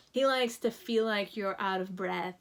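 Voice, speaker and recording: Woman tarot reader, unhurried and rambling, mid-pitched, fillers throughout. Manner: meandering, thinking aloud with many fillers. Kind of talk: pick-a-card tarot reading.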